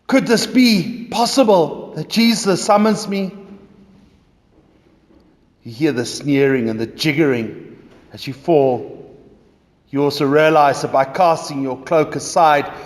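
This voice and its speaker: A man's voice: mid-range voice, animated, a little slow, long pauses. A man preaching a sermon, telling a story dramatically in the second person. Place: church. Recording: echoey church reverb.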